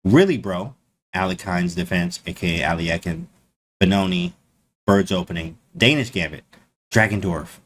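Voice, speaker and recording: A man streaming casually to his chat, slangy and animated, repeating his phrases. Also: sits low, normal speed, slight background noise. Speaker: chess streamer.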